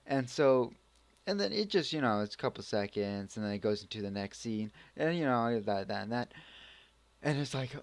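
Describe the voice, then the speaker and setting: A man's voice: mid-range voice, animated, normal speed, no echo. A man giving a casual spoken anime review, rambling with many restarts. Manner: rambling, full of restarts and acted reactions.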